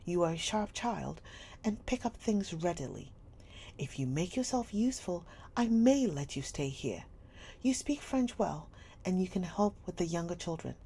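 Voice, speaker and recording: A woman's voice: fairly low pitch, big pitch swings, normal speed. A woman doing a cold, stern schoolmistress. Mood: commanding. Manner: stern, sharp, scolding. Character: cold domineering schoolmistress, middle-aged woman.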